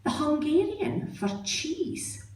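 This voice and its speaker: On a comedy club stage, a middle-aged Scottish woman tells chatty, self-mocking stories in a high, lively voice at a slow pace. The sound is roomy and very noisy from a distant mic, with the audience laughing throughout.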